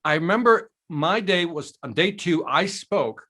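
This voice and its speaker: A man telling a story as a guest on a podcast, animated and enthusiastic, in casual conversation. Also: a little high, unhurried. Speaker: podcast guest, sales trainer.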